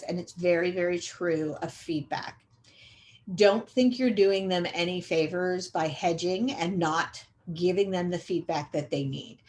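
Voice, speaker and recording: A middle-aged woman giving a conversational training lecture to educators, repeating key points for emphasis and often pausing on "um". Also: on the low side, darkish tone. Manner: conversational, repetitive emphasis, frequent um fillers. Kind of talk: recorded training webinar lecture.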